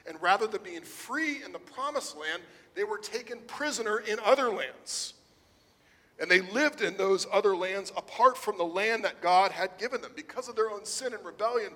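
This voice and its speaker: A man preaching a sermon in a church, swinging between loud emphasis and hushed delivery. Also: high-pitched. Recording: long hall reverb.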